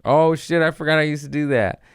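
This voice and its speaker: A man's voice: fairly high pitch, steady tone, brisk, smooth, no room sound, clean studio sound. A man hosting a casual comedy podcast, reading listener messages and swearing freely as he acts out the people in his stories. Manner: profane, jumps into goofy voices for quoted people.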